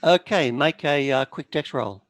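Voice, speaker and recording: A man narrating as game master of a tabletop horror game, animated and full of quick asides. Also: fairly high pitch, a little hiss or hum. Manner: animated, lots of fillers and asides.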